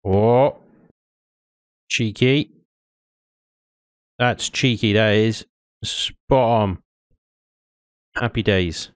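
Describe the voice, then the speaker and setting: A chatty man talks through his game session in a lowish voice, excitable and quick to laugh. The recording is close and dry, with no room sound around him. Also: smooth, dry recording. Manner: chatty, excitable, laughs often, mild British slang. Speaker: gaming YouTuber. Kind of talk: casual let's-play commentary.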